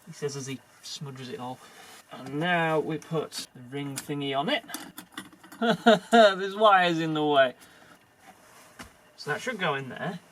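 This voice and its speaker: A chatty man talks through his car repair in a casual, self-deprecating way, half muttering to himself as he fiddles with the dashboard. His voice sits a little higher than most men's. Faint background hum of a workshop. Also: takes it slowly, long pauses, fairly bright tone. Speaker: car restorer. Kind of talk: casual narration while working on a car.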